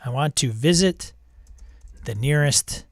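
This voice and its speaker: A man's voice: on the high side, expressive, slow, dry recording, studio quality. Wry man reading a text adventure aloud. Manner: wry and self-amused, chuckling at the game. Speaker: host.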